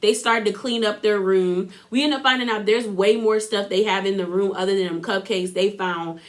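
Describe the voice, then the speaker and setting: A woman's voice: medium pitch, steady tone, moderate pace. Chatty woman recapping a reality show. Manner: chatty, full of "like" and opinions, acts out quotes. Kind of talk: casual episode recap.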